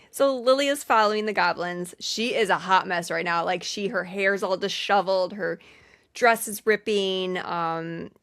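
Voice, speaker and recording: A woman's voice: mid-range voice, a little slow, creaky, a bit bright. Chatty woman recapping a movie. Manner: chatty, recapping with filler likes and ums. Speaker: podcast co-host. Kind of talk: casual movie recap chat.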